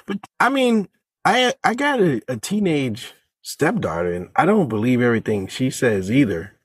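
Husky, rambling man. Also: mid-range voice, big pitch swings, dry recording. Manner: rambling, halting, self-interrupting. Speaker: podcast co-host. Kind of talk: casual chat.

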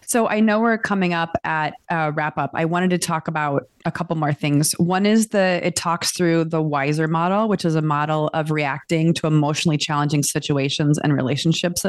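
Woman co-host, candid and personal storyteller, lower voice, dry close mic. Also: normal speed, hardly any pauses, smooth, dry recording. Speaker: podcast co-host. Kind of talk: casual book club chat.

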